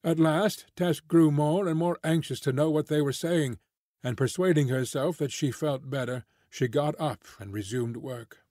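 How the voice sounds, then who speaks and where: A man reading a classic novel aloud as an audiobook narrator, measured and clear. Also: fairly high pitch, warm tone, dry recording, studio quality.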